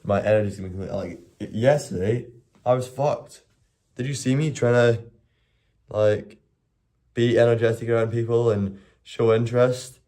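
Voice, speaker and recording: A man's voice: mid-range voice, normal speed, pauses often, warm tone. A young man chatting casually on a live stream, rambling, correcting himself and swearing often. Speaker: IRL streamer.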